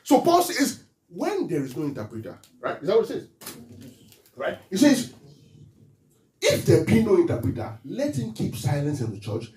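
Heard from afar in an echoing room, a preaching pastor with a high, animated, swooping voice teaches interactively, firing call-and-response questions at his congregation. Scripture lines he reads out slowly and with deliberate care.

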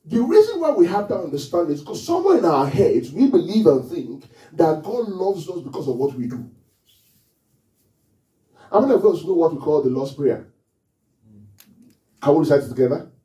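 A man's voice: a little high, sing-song, moderate pace, pauses often, dark tone. A man preaching a sermon to his congregation in a church, often asking them questions and waiting for their answers. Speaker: pastor. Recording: echoey hall, mic far off.

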